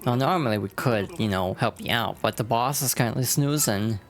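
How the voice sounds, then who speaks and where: A woman voicing a gruff male mobster goon in a game, talking in tough-guy slang. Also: rumbling low, a little fast.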